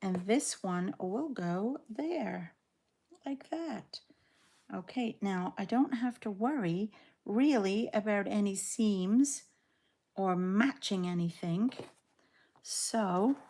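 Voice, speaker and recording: A woman's voice: mid-range voice, lively intonation, slow, pauses often, darkish tone. A woman in her sixties, originally from England, talking with a Canadian accent in a chatty, rambling way while she sews and chats. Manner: chatty, rambling, self-deprecating. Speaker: quilting vlogger. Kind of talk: casual sew-along chat.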